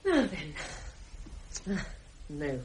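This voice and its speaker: A woman's voice: sits low, sing-song, extremely slow, background noise, exaggerated voice. An actress playing a nervous young mother alone at night, with a British accent, muttering to herself in a radio drama. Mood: jittery muttering. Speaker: radio play lead.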